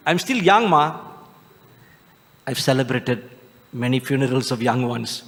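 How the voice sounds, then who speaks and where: A man with a Malaysian English accent, a Catholic priest giving a homely, joking Christmas homily with drawn-out emphatic phrases. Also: medium pitch, expressive, a bit bright. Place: large church. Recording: long church reverb.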